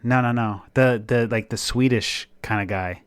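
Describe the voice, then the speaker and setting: A man co-hosting a podcast in casual chat, animated and laughing often as he talks. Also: mid-range voice, normal speed, clear, resonant tone. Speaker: podcast co-host.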